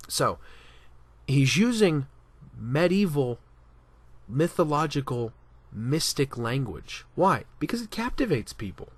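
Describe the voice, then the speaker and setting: A man talking through a casual opinion commentary, animated and emphatic, often restarting his sentences. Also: on the high side, slow pace, long pauses, slightly rough, no echo. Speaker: commentary vlogger.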